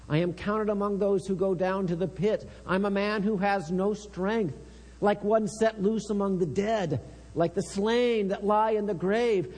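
Slow high-voiced man preaching. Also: darkish tone. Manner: slow, earnest, reads psalms with rising intensity. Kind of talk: sermon with scripture reading. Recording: long reverb with mains hum.

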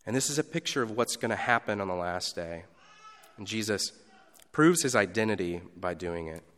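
A pastor giving a sermon in a conversational style, moving between loud emphasis and quiet asides. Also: male voice, lowish voice, lively intonation, normal speed, big-room sound.

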